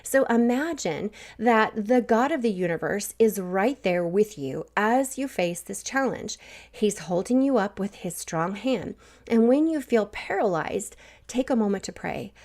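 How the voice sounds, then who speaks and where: A woman's voice: medium pitch, expressive, a little slow. Grandmotherly woman telling a faith talk. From Southwest Missouri. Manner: warm storytelling with laughs. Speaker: podcast host. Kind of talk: faith-based encouragement talk.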